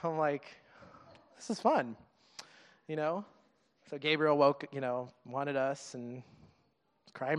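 A man in his thirties preaching a sermon to a congregation, earnest and conversational, halting often to restart his thought. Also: a little high. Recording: long reverb of a large hall.

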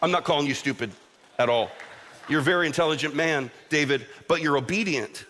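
A middle-aged pastor speaks a little high and a little fast, his tone a bit bright, as he preaches an impassioned, building sermon full of repeated appeals to his listeners. The church sanctuary gives long reverb with music behind, plus a little hiss or hum.

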